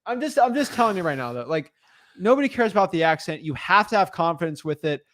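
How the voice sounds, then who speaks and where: A man's voice: high-pitched, expressive, quick pace, a bit bright, no room sound. A young man co-hosting a live stream, talking emphatically and repeating his points. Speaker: co-host of a live real estate stream.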